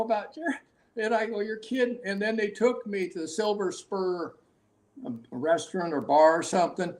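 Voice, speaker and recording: An older man, a hunting guide, telling rambling stories in a casual interview, with many restarts and frequent laughter. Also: high voice.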